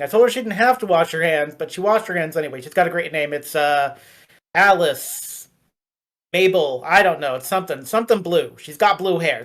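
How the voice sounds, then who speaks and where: A weary burger joint manager who grumbles and mutters his way through a phone call and his gripes about his pay, as a game master puts him on. His voice sits at an ordinary middle pitch. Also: natural voice.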